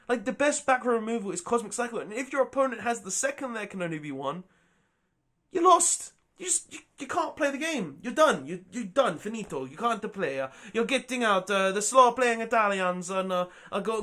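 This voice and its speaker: A man with a fairly high-pitched voice presents his own card game channel. He argues his opinion emphatically, circling back and repeating points and often restarting words mid-sentence. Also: a bit bright. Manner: emphatic, repetitive, stumbling restarts. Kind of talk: opinionated commentary vlog.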